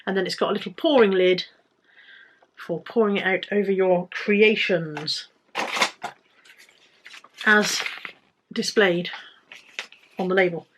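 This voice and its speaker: A woman's voice: mid-range voice, steady tone, takes it slowly, pauses often, a little hiss or hum. A British woman vlogging casually about items she bought to resell, chatty and rambling with self-corrections. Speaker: resale vlogger. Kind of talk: casual haul vlog.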